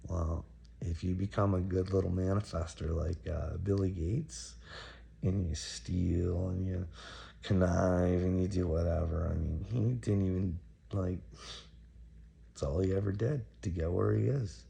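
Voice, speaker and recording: A man with a very low, gravelly voice talks straight at one viewer. His rant is taunting and preachy, and he piles up question after question. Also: steady tone, a little slow, warm tone. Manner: taunting, preachy, repeats "little me". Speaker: commentator reacting to a clip. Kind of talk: ranting monologue to a viewer.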